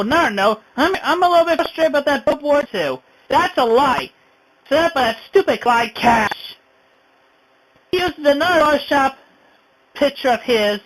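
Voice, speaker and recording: A woman's voice: on the high side, rough recording. A woman vlogging an indignant, rambling rant, sighing often. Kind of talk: ranting home vlog.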